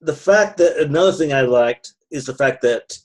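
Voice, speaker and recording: A man's voice: a little high, animated, normal speed. A man co-hosting a podcast, chatting casually about a movie in an easygoing way. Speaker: podcast co-host. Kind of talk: casual chat.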